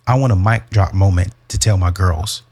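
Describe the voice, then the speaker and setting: A man with a lowish voice delivers blunt, scolding commentary on clips he is reacting to. He talks in a mocking, repetitive way, circling back on his points as he lectures the people in the videos. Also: normal speed, a little mellow, slightly rough.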